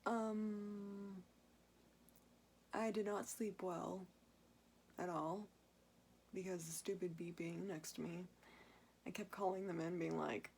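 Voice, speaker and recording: A woman's voice: medium pitch, unhurried, gravelly, long pauses, a little mellow, a little hiss or hum. Rambling young woman telling a personal story. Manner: rambling, many fillers and asides. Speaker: vlogger.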